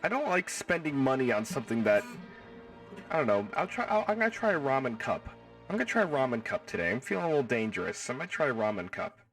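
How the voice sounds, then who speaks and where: Male streamer, playful and jokey, animated swinging pitch, sits back from the mic. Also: quick pace, far from the mic, soft background music. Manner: playful, jokey, swears freely. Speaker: live stream host. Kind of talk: casual live stream chat reading. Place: home.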